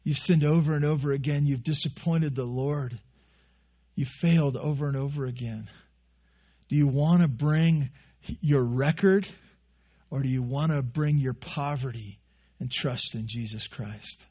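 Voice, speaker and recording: Earnest preacher man, husky voice. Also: medium pitch, measured pace, mellow, muffled recording. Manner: earnest, repeats phrases, acts out quoted listeners. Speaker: pastor. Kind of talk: sermon.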